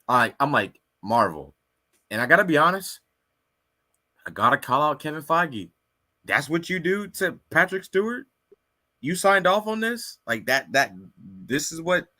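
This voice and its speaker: A man's voice: on the high side, pushed and bright. A man co-hosting a casual film podcast, ranting with emphatic repetition. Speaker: podcast co-host. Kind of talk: heated casual movie chat.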